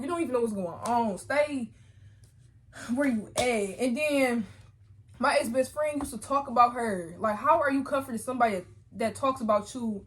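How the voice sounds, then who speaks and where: A young woman vlogger telling a storytime with lively, slangy chatter and quick self-corrections. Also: fairly high pitch. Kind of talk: casual storytime chat.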